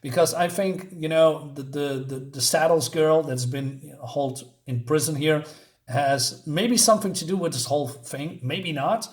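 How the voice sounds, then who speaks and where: A man reviewing a comic book in casual talk, often laughing and halting with fillers as he reads the dialogue aloud. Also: fairly high pitch, a little mellow.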